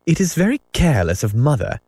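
A man's voice: mid-range voice, very animated, quick pace, darkish tone, slightly rough, no echo, pitched above the performer's own voice. A man doing an eager, bossy schoolboy. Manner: eager, exclaiming. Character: eager, bossy older boy.

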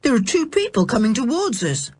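A woman's voice: a little high, very animated, a little fast, darkish tone, slightly rough, no room sound, pitched above the performer's own voice. A woman doing a grave, dry-witted older boy.

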